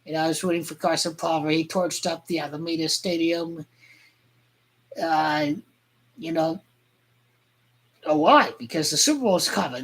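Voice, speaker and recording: A woman vlogger ranting crudely about football, rambling and heated, with sudden shouting outbursts. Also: low voice, moderate pace, pauses often, slightly rough. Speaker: sports fan vlogger. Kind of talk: profane football rant.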